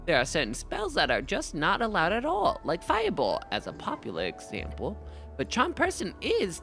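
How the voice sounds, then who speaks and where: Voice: medium pitch, vocal fry, pushed and bright, voice pushed up, exaggerated voice. A streamer voicing a tiny, sarcastic male devil who mocks and lectures in a smug, lawyerly way. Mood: lecturing.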